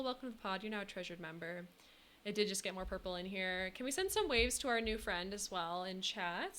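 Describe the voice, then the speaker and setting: A woman's voice: mid-range voice, bright, forceful tone. A young woman streaming live, chatting casually and thanking her viewers, bubbly and giggly.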